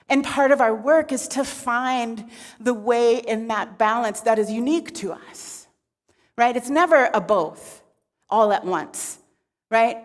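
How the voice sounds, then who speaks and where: A woman minister giving a sermon in a relaxed, conversational way with frequent asides. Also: on the high side, in a large hall. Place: church sanctuary.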